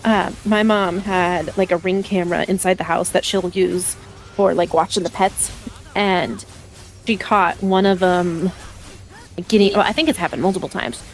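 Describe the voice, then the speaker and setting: A woman's voice: on the low side, steady tone, a little slow, long pauses. A young adult woman streaming a game, chatting casually and laughing often through rambling anecdotes into a desk mic. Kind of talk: casual chat while gaming. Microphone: desk microphone.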